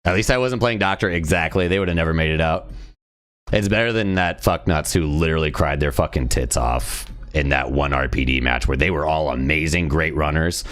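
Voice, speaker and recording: A man's voice: extremely low pitch, fairly quick, fairly bright tone. A man streaming live, ranting at a player in a profane, scornful, sneering way. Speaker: livestreamer. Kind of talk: live game stream rant.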